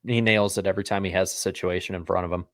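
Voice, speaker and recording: A man's voice: deep voice, steady tone, racing, a bit bright, no echo, studio quality. A man co-hosting a casual racing podcast, chatting and giving opinions. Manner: conversational, throws in impressions of commentators. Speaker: podcast co-host. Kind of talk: casual chat.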